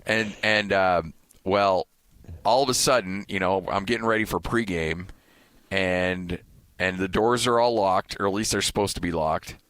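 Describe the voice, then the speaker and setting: A man hosting a sports podcast who tells stories animatedly in casual chat and jumps up loud when he acts out quotes. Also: low voice, moderate pace, dry recording. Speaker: sports radio broadcaster and podcast host.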